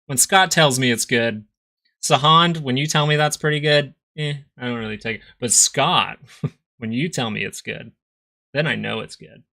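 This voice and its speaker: A man's voice: medium pitch, normal speed, creaky, sharp tone. A young man hosting a live stock market stream, giving casual, rambling chart commentary and joking with viewers. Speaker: stock market livestream host.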